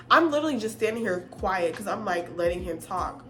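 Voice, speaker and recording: A woman vlogger telling a dramatic personal story in an animated, expressive, casual way, swearing often. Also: mid-range voice, brisk, faint music behind. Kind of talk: storytime vlog.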